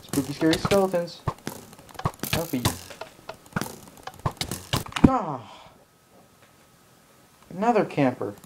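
A man's voice: fairly high pitch, lively intonation, slow, long pauses, background noise. A man giving live gameplay commentary as a channel host, ranting in exasperated outbursts while annoyed.

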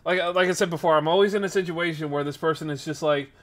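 A man in his twenties hosting a podcast and livestream, telling stories in casual chat, full of fillers and sudden jumps in loudness. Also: a little high. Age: 20s. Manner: animated, filler-heavy, quick shifts in loudness. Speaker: podcast host and streamer.

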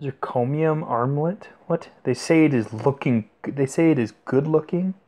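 Here a young male gameplay commentator, fairly high in pitch with a dark tone, talks at a normal speed over a mobile game. The let's-play is casual, profane, and giggly, with plenty of incredulous laughter.

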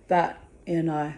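A middle-aged woman speaking in a personal vlog monologue, bitter and confiding, with blunt swearing. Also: lowish voice. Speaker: vlogger.

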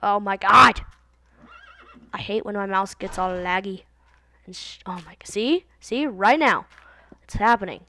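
A teenage girl talks over her game in a loose, silly ramble, hopping from one thought to the next. Her voice sits at an ordinary middle pitch for a woman. Game sounds run clearly underneath her on a plain computer mic. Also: measured pace, long pauses, sharp tone, slight background noise. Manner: rambling, silly, jumps between topics. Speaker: gaming video host. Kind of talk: casual let's-play commentary. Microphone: computer mic, voice set low. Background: game sounds from the video game.

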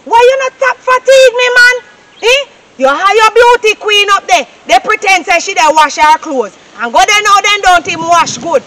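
A woman's voice: very high-pitched, pushed and bright, slight background noise, exaggerated voice. A woman with a Jamaican accent playing a lazy, sulky young woman who rants and complains in patois. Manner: whiny complaining rant in patois.

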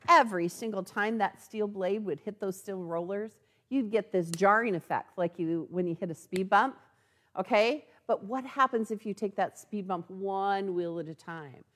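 A woman's voice: medium pitch, measured pace. A woman giving a chatty live product demonstration in a sewing store, often checking in with "okay?". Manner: chatty, animated, tags lines with "okay?".

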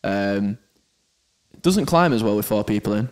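A man's voice: on the low side, animated, unhurried, a little mellow, smooth. A man co-hosting a podcast, telling a story in a rambling way with many restarts. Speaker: podcast co-host, pilot. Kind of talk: casual chat. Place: indoors at a venue.

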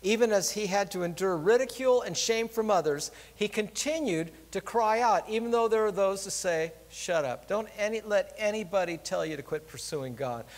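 A middle-aged pastor preaching a conversational, earnest sermon in a church. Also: male voice, sits high, normal speed, few pauses, long reverb tail. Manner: earnest, conversational, drops soft when pleading.

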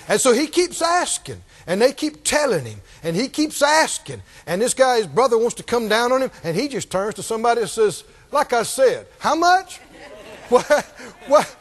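A pastor preaches a sermon in a high, husky voice. He is animated, calling out to the congregation and acting out the voices of Bible characters.

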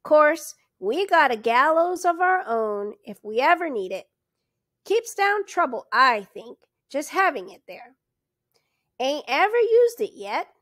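A woman's voice: high-pitched, very animated, slow pace, no echo, studio quality, voice pushed up, full character voice. Woman doing a folksy grumbling rural constable. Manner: folksy drawl, loud and suspicious. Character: chatty grumbling rural male constable, middle-aged.

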